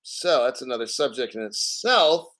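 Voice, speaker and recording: A man hosting a casual livestream, reading out donations and ranting bluntly with lots of swearing and frequent throat clearing. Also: medium pitch, expressive, normal speed, fairly bright tone. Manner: blunt, profane, combative. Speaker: crypto livestream host.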